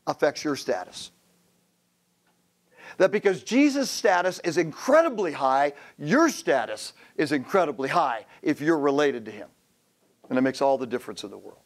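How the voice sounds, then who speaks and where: A man's voice: fairly high pitch, very animated, moderate pace. A man in his fifties, a pastor giving a joking sermon to men, telling stories and acting out quotes. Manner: humorous storytelling with acted quotes.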